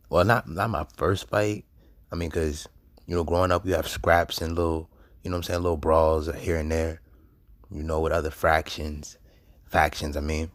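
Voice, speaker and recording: A young man hosting a show, telling a personal story in a loose, slangy, animated way and laughing often. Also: very deep voice, no echo, studio quality. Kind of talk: casual storytelling monologue.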